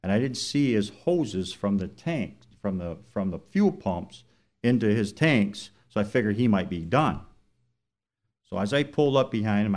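A man's voice: on the low side, a little mellow. A man, a truck driver, telling a story in plain conversational speech during a church service, then turning it into preaching questions. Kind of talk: storytelling sermon testimony.

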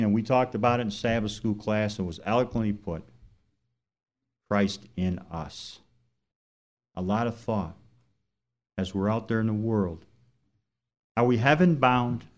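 A man, a truck driver, telling a story in plain conversational speech during a church service, then turning it into preaching questions. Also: lowish voice. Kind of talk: storytelling sermon testimony.

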